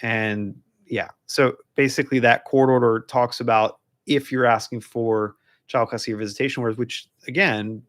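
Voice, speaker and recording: A man's voice: medium pitch, fairly even intonation, normal speed, a bit bright. A man, working as a divorce lawyer, explaining a court filing in a casual, rambling live stream full of fillers and restarts. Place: law office.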